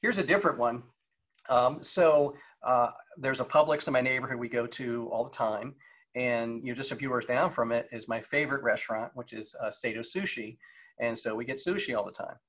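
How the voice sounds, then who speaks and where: A man's voice: medium pitch, brisk, fairly bright tone. A man in his forties giving a casual motivational talk over a video call, conversational and full of fillers and rhetorical questions. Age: 40s. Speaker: guest speaker on leadership.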